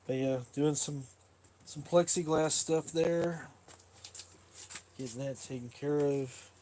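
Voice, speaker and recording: A man talks loosely to his live stream viewers from his workshop, wandering from topic to topic. His voice sits a bit higher than most men's. He laughs at himself often. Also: fairly even intonation, slow, warm tone, slight background noise. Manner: rambling, self-mocking, laughs often. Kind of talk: casual live stream tour. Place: workshop in a shipping container.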